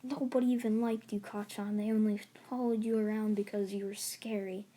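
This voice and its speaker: A calm, smug teenage boy who knows he can't lose, as a woman voices him in a casual fan story. He speaks low-key and unbothered, in a mellow, soft-edged tone. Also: brisk, close to an everyday voice. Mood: cold.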